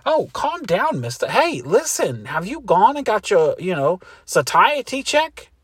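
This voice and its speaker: A man's voice: sing-song, measured pace, slightly rough, dry recording, full character voice. A man voicing a cocky, rude male telemarketer who mocks the person he calls, in a comedy sketch. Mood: mocking. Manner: cocky, mocking, high-pitched. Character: pushy nasal male telemarketer, mocking and rude.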